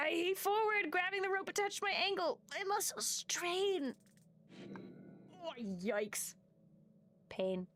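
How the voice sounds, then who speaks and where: A woman's voice: very high-pitched, animated, takes it slowly, long pauses, fairly bright tone, a little hiss or hum. A woman streaming gameplay live, reading game text aloud and swearing as she talks to chat.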